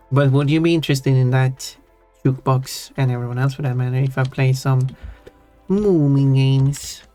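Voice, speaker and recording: A man's voice: mid-range voice, fairly even intonation, unhurried, long pauses, mellow, soft background music. A man streaming and chatting casually with his viewers, teasing them playfully. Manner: playful, teasing, laughs between words.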